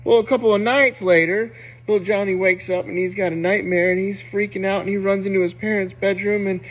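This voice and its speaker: A man's voice: high voice, level tone, fairly quick. A man telling crude jokes to his family, acting out the characters' voices and laughing at his own punchlines. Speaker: joke teller.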